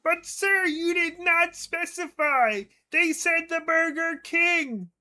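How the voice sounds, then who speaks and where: A squeaky, jittery frog puppet pleads in a thin, strained voice that sits far above his normal range. He sounds apologetic and anxious, a cartoon servant who is scared of getting in trouble. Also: slow pace, pushed and bright, soft background music, exaggerated voice. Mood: pleading.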